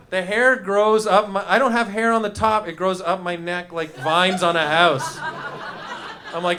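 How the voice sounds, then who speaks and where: A man's voice: high voice, fairly even intonation, normal speed, a crowd in the background. A young man doing loose stand-up comedy on a club stage, rambling goofily and riffing with the audience. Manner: goofy, rambling, jumps into silly voices.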